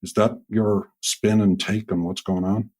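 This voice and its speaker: A man's voice: lowish voice, flat delivery, measured pace, mellow. A man hosting an interview, building a point at length before asking a question. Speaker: podcast host.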